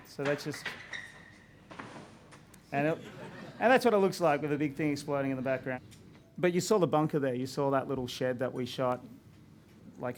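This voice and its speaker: Chatty man with a gravelly voice. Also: medium pitch, a little hiss or hum. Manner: chatty storytelling with laughs. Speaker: filmmaker. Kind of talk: casual talk at a screening.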